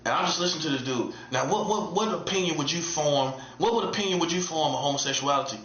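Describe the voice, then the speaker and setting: A man talks in a casual, emphatic monologue, repeating points in street slang. His voice sits fairly high and sounds bright and forceful. The recording is echoey and a little dull. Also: quick pace. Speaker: online preacher.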